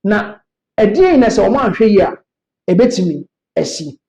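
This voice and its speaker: Ghanaian male news commentator, mellow voice, echoey room, rambling with fillers. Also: high-pitched, very animated, a little slow, gravelly. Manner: mixes Twi and English, many fillers.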